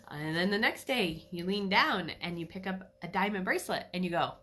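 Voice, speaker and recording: A middle-aged woman, an animal communicator, giving a chatty, animated solo talk with frequent laughs. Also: lowish voice, fairly quick, few pauses. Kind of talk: casual solo talk to camera.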